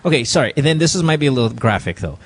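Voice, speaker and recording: A man hosting an interview, asking probing, halting questions of his guest. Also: mid-range voice, lively intonation, husky, no room sound. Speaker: interview host. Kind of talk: conversational interview.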